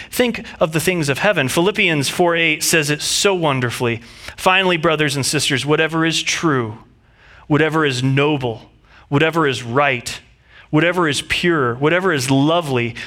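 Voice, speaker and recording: A man's voice: a little high, sharp tone. A man preaching a sermon in an earnest, conversational way, reading scripture and often restarting his sentences. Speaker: pastor.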